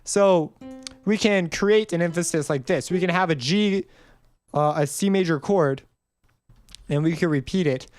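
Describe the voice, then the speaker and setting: A man's voice: a little high, a little slow, pauses often, no room sound. A young man casually explaining music theory in a tutorial, rambling a little and singing short notes to demonstrate. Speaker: music composition teacher. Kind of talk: screen-recorded tutorial.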